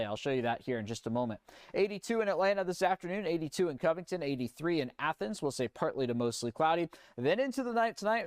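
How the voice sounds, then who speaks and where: A young man delivers a live weather forecast with an easygoing, conversational flow. His voice sounds smooth and resonant, and it is recorded close and dry with no room sound. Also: fairly high pitch, no room sound. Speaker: meteorologist.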